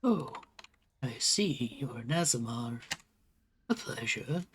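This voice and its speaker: A game master voicing an ancient, courteous male turtle mutant who leads the mutant colonies, speaking slowly and formally. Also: medium pitch, animated, fairly bright tone, pitched below the performer's own voice. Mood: polite.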